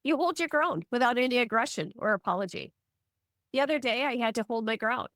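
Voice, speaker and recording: A middle-aged woman from the US, an ADHD coach teaching on a live video call, animated and acting out quoted voices with self-deprecating asides. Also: on the high side, a little fast, no echo, studio quality. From Midwestern US. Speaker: ADHD coach and guest speaker.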